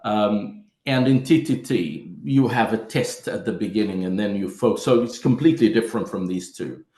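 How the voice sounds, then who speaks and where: A man with a fairly low voice leads a lesson for teachers. He explains each step patiently and calls his listeners "my friends". The room around him rings with echo. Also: moderate pace, warm tone. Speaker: teacher trainer.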